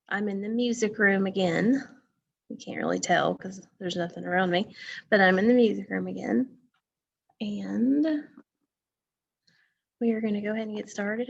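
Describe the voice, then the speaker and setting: A woman's voice: mid-range voice, vocal fry, slightly rough, dull audio. A woman teacher giving an online phonics lesson from a school music room, patiently repeating words and asking questions.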